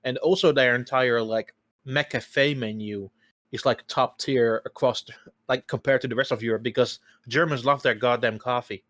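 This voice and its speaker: A man from the Netherlands chatting casually on a podcast, animated and quick to laugh. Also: mid-range voice, no room sound. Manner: animated storyteller, laughs often. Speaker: podcast guest. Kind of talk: casual chat.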